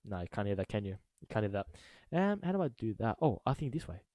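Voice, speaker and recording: Excitable man with a very dry sound. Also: lowish voice, fast, dry recording. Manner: excitable, repeats exclamations, bursts of loud laughter. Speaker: football fan YouTuber. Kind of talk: excited reaction vlog.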